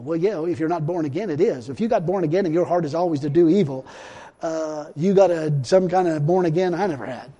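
A man preaching a sermon in a folksy way, repeating himself and swinging between loud and hushed. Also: fairly high pitch, fairly quick. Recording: long hall reverb.

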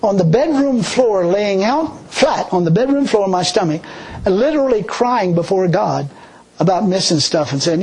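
A very animated preacher with a slightly mellow, husky voice shares his personal testimony in a sermon, speaking folksily and restarting often. Quotes from God come out low and slow, and the audio is poor.

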